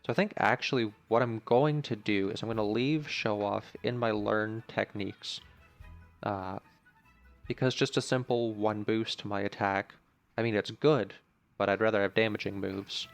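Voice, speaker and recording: A man with a low, gravelly voice, casually talking through a video game playthrough. He speaks in a chatty, joking way while thinking aloud about his choices, and faint game music runs in the background. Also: steady tone, moderate pace. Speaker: gaming channel host. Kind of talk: let's play commentary.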